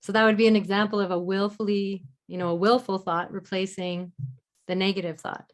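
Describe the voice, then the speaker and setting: Gentle woman teaching a live class. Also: mid-range voice, level tone. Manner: gentle, encouraging, speaks mantras softly and slowly. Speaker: love mentor and masterclass host. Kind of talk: live online masterclass teaching.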